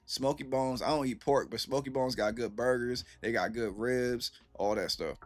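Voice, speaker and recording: A man's voice: medium pitch, normal speed. Laid-back man hosting a reaction stream. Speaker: streamer host.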